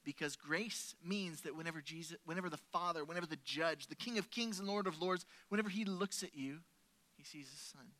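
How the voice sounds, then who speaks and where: A man preaching a sermon at a church service, his fairly high voice bright and forceful. He tells stories in a conversational way, pushing some lines out loudly and letting others fall soft and low. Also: a little fast. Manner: conversational storytelling, swinging between loud emphasis and soft lowered tones. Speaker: pastor.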